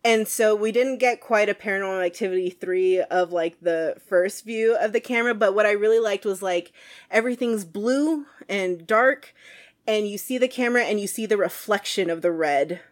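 A woman co-hosting a casual movie review podcast, animated and quick to laugh, with plenty of fillers. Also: mid-range voice. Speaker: podcast co-host.

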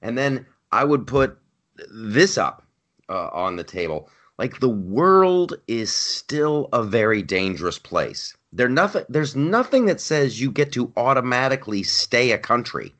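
A man's voice: mid-range voice, very animated, measured pace, fairly bright tone. A man hosting a podcast, talking politics in a rambling, emphatic, joking way. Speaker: podcast host. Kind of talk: casual political chat.

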